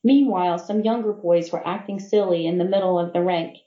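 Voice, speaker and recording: A woman author reading her own novel aloud in measured first-person storytelling. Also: fairly low pitch, mellow, reverberant, dull audio.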